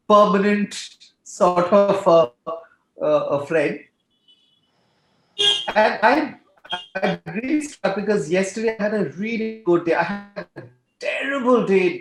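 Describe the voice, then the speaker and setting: Measured facilitator in an echoey room. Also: medium pitch. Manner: measured, summarizing others, thoughtful. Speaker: discussion facilitator. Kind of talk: reflective group facilitation.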